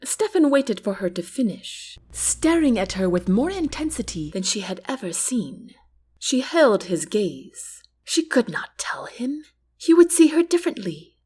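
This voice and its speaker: A woman narrating a novel chapter in a clear, even, storybook reading. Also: on the high side, moderate pace. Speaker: audiobook narrator.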